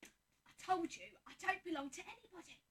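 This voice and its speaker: A woman playing a proud, sharp-tongued stray cat in a live pantomime, dry and threatening. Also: very high voice, a little fast, slight background noise. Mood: sassy. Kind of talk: live pantomime stage acting. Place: theatre stage. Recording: distant stage sound from the hall.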